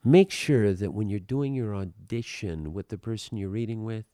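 A man with a fairly low voice talks straight into a dry, close mic with no room sound. He hands out blunt, emphatic advice in a casual, wry monologue, swearing now and then. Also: moderate pace, mellow, no room sound. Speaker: podcast host giving acting advice.

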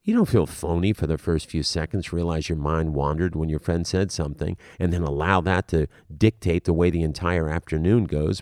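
A middle-aged man lecturing as an acting coach. He is emphatic and animated, and he often repeats a word as he starts a phrase. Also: low-pitched, no echo, studio quality. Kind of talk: spoken lecture to the viewer.

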